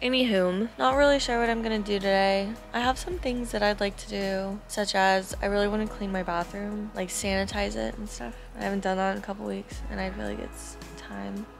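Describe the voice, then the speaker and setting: A woman's voice: medium pitch, steady tone, fairly quick, creaky, few pauses, over music. A young woman in a casual at-home vlog, rambling chattily with lots of "like" and "literally". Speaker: vlogger.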